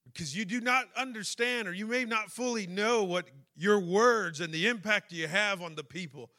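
Bright high-voiced man preaching a sermon. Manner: emotional, rising to shouting fervor.

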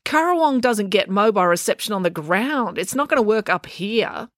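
A woman's voice: mid-range voice, lively intonation, normal speed, no room sound, clean studio sound, lightly acted. A woman voicing a young boy who talks in a blunt, matter-of-fact way.

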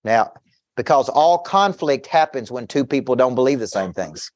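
A business coach delivers an intense motivational seminar talk, telling stories with quoted back-and-forth dialogue and repeating words to drive his points home. His mid-range voice is animated and moderately paced. The sound is clean studio audio with no room sound.

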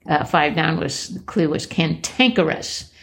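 A low, gravelly-voiced woman chatting softly. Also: measured pace. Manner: soft-spoken, agreeable, laughs often. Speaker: podcast co-host. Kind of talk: casual crossword chat.

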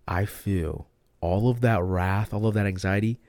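A young man telling his personal testimony in a casual, slangy way, swinging from hushed to loud and emphatic. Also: low voice, measured pace, no echo. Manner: slangy and emphatic, says "bro" and "like" a lot. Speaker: podcast host sharing his testimony.

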